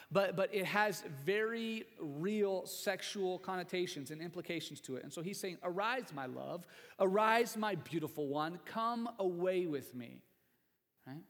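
Man preaching in a reverberant hall. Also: on the high side. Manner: conversational preaching with jokes and asides to the congregation. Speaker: pastor. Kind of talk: sermon. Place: church sanctuary.

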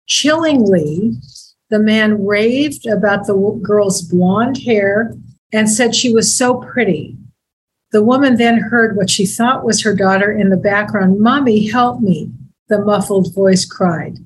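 Woman, deputy district attorney, measured and grave delivery, faint background noise. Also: medium pitch, rough recording. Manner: measured, reads aloud slowly and gravely. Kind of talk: public-service talk segment.

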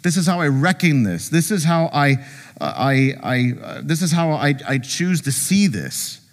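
A man preaching a sermon as pastor, conversational and animated, joking with the congregation and acting out quotes. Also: a little high, moderate pace, long reverb tail. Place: church sanctuary.

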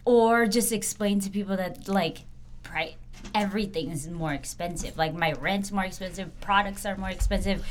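A woman's voice: mid-range voice, normal speed. A young woman hairstylist chatting casually, matter-of-fact and full of "like". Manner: relaxed, matter-of-fact, filler-heavy. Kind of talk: casual chat.

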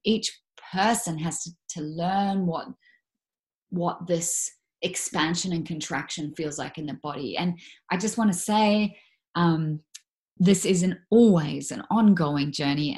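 Low-voiced woman talking frankly. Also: darkish tone. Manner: frank, reflective, many fillers and self-corrections. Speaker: guest. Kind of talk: candid conversational interview.

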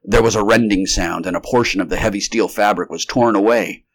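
Man, low voice, steady measured narration, unrehearsed story reading.

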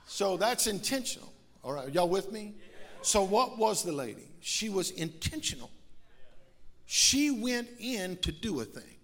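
A man with a drawl preaches to his congregation in a church. His voice sits high and swings widely, rising from quiet musing to fervent, shouted appeals. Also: big pitch swings, moderate pace. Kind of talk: sermon. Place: church sanctuary.

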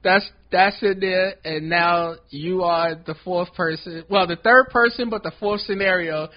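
A man's voice: high-pitched, steady tone, a little slow. A man hosting a casual podcast chat, teasing his guest in slangy talk and laughing often. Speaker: podcast host. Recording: dull lo-fi sound.

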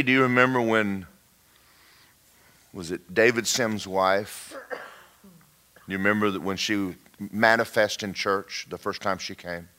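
A man preaching a storytelling sermon, folksy and animated, with joking asides and sudden shouts. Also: low-pitched, clean tone.

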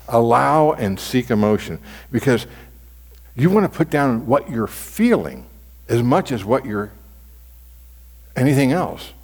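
A man's voice: mid-range voice, a little mellow, husky. A man teaching as a pastor in a conversational sermon style, often restarting and repeating his phrases. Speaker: pastor teaching on devotional reading. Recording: long reverb of a large hall.

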